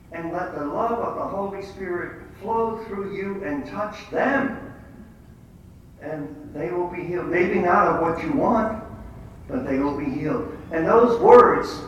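A man's voice: sits high, lively intonation, slow, long pauses. A man with a slightly raised voice tells faith stories in a plain, conversational way, with a streak of blunt humor. He sounds far from the mic in a very echoey room, with faint noise behind him. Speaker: lay speaker at a faith gathering. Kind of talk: testimony-style religious talk.

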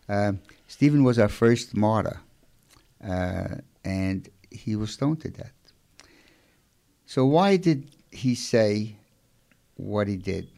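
A man with a Brooklyn accent, co-hosting a casual faith talk, halting with many fillers and affectionate. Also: fairly low pitch, gravelly, a little mellow. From Brooklyn, New York. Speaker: co-host.

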